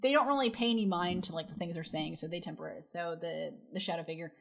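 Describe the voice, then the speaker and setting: A woman's voice: lowish voice, quick pace, gravelly. A woman co-hosting a reaction show, casually recapping scenes with lots of fillers and quoted asides. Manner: chatty, retells scenes with quoted voices, frequent fillers. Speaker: co-host reacting to an anime episode.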